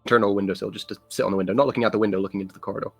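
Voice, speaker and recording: A man playing a tabletop game, quickly and plainly describing what his character does. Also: lowish voice, fairly even intonation, no room sound, faint music behind. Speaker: player.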